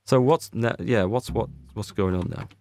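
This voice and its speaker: Northern English male host, chatty, self-mocking let's play commentary, slightly low voice, dead-dry booth sound. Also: moderate pace, warm tone, no room sound. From Northern England. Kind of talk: casual gameplay commentary.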